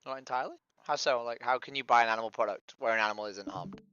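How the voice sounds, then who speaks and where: A man's voice: medium pitch, racing, pushed and bright. A man streaming as a vegan activist, persistently repeating his opener and asking probing questions over voice chat. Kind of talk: street-outreach style questioning on voice chat. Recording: dry lo-fi stream audio.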